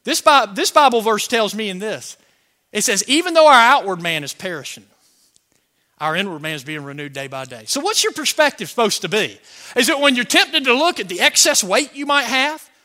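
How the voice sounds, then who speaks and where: A pastor preaches with a notably high, bright, ringing voice. He jokes with the congregation and swings from quiet, murmured asides to loud, shouted lines. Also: normal speed. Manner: animated, joking preacher with swings from soft to shouted. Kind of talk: sermon.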